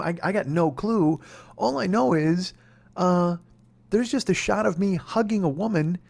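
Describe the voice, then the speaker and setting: Excitable, profane man in his 40s. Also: high voice, gravelly. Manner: profane, excitable, laughing at his own story. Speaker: podcast host and comedian. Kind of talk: comedic storytelling monologue.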